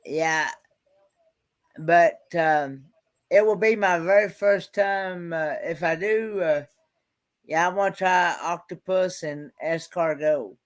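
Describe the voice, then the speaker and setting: A man in a casual live-stream chat who talks haltingly, repeats words and restarts, and explains details earnestly. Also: on the high side.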